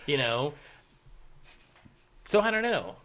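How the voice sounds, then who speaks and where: A man's voice: on the high side, sing-song, slow, fairly bright tone. A man co-hosting a podcast in casual chat, rambling and jokey with playful dramatic asides. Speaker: podcast co-host.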